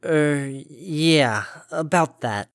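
A man's voice: fairly high pitch, expressive, very slow, clear, resonant tone, no room sound, clean studio sound, exaggerated voice. A man voicing a nervous young female pegasus in a storybook reading, awkwardly polite and hesitant. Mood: flustered.

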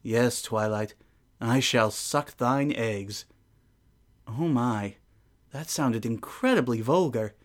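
A man's voice: medium pitch, slow, long pauses, close to an everyday voice. A man voicing Princess Celestia, regal and amused. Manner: refined, formal, dryly amused inner monologue. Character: regal ancient female sun princess, poised and playful. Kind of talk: fan audio drama monologue.

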